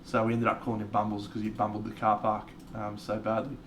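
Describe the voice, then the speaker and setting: A man's voice: lowish voice, monotone, fast talker, background noise. An Australian man streaming live, telling a rambling, profane story with frequent restarts.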